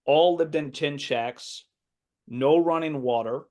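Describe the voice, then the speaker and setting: Male, 30s, American, podcast guest, lively storyteller who voices other people. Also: fairly high pitch, slow pace. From United States. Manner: animated anecdote-telling, acting out quoted voices, laughs often. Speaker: assistant basketball coach, podcast guest. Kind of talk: casual storytelling in a podcast interview.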